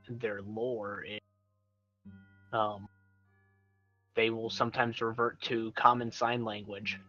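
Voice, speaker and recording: A man calmly explaining tabletop game rules step by step over a voice call. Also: lowish voice, no echo, muffled recording. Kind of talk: casual tabletop game chat.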